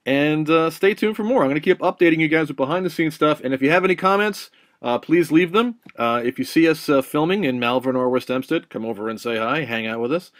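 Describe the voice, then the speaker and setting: A man's voice: fairly high pitch, quick pace, dry recording, studio quality. A man hosting a casual behind-the-scenes vlog about his film, chatty and rambling. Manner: chatty, rambling, self-promoting. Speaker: host and filmmaker.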